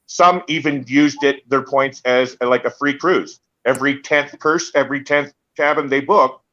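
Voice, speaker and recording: A man, a travel agent, explaining things quickly in casual chat over a phone. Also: mid-range voice, bright, forceful tone. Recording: dull phone audio.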